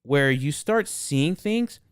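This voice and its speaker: A man's voice: on the high side, animated, slow, smooth, dry recording, clean studio sound. A young man co-hosting a podcast, rambling in casual chat with lots of swearing and restarts. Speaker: podcast co-host.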